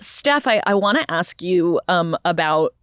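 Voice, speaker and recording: A woman's voice: on the low side, lively intonation, a little slow, a bit bright, smooth, dry recording. A woman co-hosting a podcast, asking curious, conversational questions of her guest. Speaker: podcast co-host. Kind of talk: casual podcast chat.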